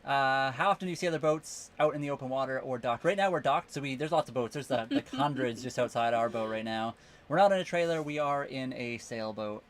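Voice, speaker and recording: A man's voice: medium pitch, brisk. A man from Canada co-hosting a casual live stream from a small sailboat docked in a marina, chatting easily and thanking viewers by name. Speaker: livestream co-host. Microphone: phone camera.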